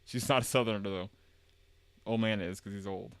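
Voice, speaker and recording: Brief: man streamer, lowish voice, wry and halting commentary over game text, dry and close. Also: fairly even intonation, smooth, no echo. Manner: stumbling, self-correcting, wry commentary. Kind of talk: live stream reading game dialogue aloud.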